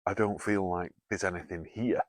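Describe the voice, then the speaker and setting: With a deep voice at normal speed and no room sound, a man hosts a nighttime ghost hunt inside a canal tunnel. He chats casually as a paranormal investigator, joking, swearing freely and calling to a spirit.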